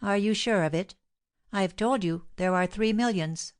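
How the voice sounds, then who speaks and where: A woman's voice: mid-range voice, a little slow, clean tone, pitched above the performer's own voice, natural voice. Woman reading as a cold, scheming young wife. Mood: urgent. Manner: cold, insistent, contemptuous.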